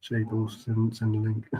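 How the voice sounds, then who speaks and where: A man's voice: lowish voice, monotone, slow, dark tone, slight background noise, low-quality recording. A man chatting casually on a live stream, greeting viewers and reading their messages in a laid-back, chummy way, keeping his voice down.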